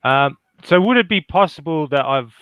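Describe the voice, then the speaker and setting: Smooth-voiced man playing a tabletop game. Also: on the high side, animated, moderate pace, fairly bright tone, dry recording. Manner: hesitant, asks the game master questions. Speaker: player. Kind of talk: tabletop role-play.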